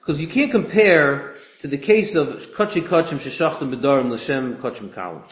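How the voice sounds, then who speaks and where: A man's voice: fairly high pitch, animated, normal speed. A man, working through a Talmud passage aloud in a study discussion and chanting the text in a singsong. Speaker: study partner. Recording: echoey room, dull lo-fi sound.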